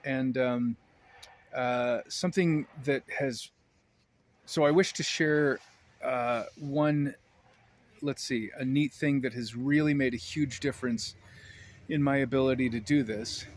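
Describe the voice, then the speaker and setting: A man's voice: mid-range voice, fairly even intonation, takes it slowly. A man talking casually to his camera at home, rambling and wry, often breaking off mid-sentence. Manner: rambling, self-interrupting, wry. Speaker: vlogger. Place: indoors, at home.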